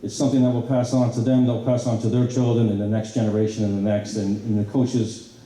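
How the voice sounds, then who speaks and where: A middle-aged man giving a banquet speech, telling stories in an animated way with many fillers and restarts. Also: lowish voice, quick pace. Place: banquet hall. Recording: very echoey hall from a distance.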